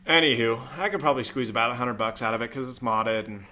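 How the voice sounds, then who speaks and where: A man's voice: medium pitch, fast talker, sharp tone, slight background noise. A young man hosting a casual tech live stream, chatty and rambling, with jokey asides. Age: young adult. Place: home room.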